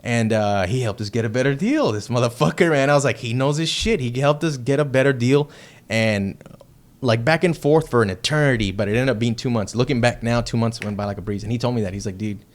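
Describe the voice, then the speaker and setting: Metal musician from Texas, podcast guest, mid-pitched man, swears freely and gets excited mid-story. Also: brisk. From Texas, United States. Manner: loose, profane, excitable storyteller. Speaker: heavy metal band member, podcast guest. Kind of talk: casual storytelling chat.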